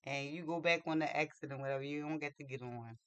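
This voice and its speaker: A man telling a personal story in a casual, animated and chatty way, acting out what people said. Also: fairly high pitch, quick pace, clean tone, no room sound. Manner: animated, chatty, acts out quotes. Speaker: vlogger.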